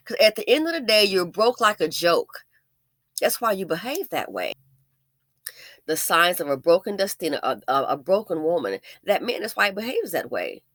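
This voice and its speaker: A woman's voice: medium pitch, very animated, normal speed, a bit bright, no echo, clean studio sound. Emphatic, preachy woman vlogger. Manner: emphatic, preachy, talks straight to viewers. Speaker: vlogger, business owner. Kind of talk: commentary vlog, advice to viewers.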